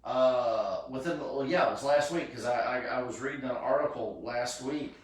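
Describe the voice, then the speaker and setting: A man chatting casually as a host, pausing and restarting his sentences with many fillers. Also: mid-range voice. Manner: halting, restarts often with fillers. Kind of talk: casual chat. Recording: echoey room, far from mic.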